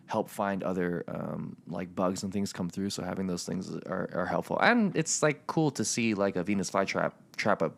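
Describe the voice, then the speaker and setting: Thirties guy hosting, low gravelly voice, lots of ums. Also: normal speed, few pauses. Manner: hesitant, many fillers, asks questions. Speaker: podcast host. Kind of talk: casual chat.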